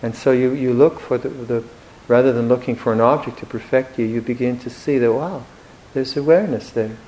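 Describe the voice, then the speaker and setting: A man giving a Buddhist dharma talk in a reflective, gently humorous way, with hesitant restarts. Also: medium pitch, fairly quick, a little hiss or hum, rough recording. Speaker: Buddhist monk teacher.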